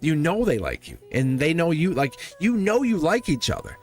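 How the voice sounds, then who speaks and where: A man's voice: a little high, wildly swooping pitch, moderate pace, faint music behind. A man hosting a live tarot reading, playful and laughing often as he talks to his viewers. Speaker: tarot reader and live stream host.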